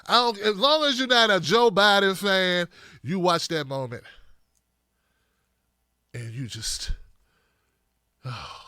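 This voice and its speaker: A man hosting a political commentary livestream, animated and joking, swinging from shouts to mumbles. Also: sits high, slow, long pauses, clean tone, no room sound, studio quality. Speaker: host.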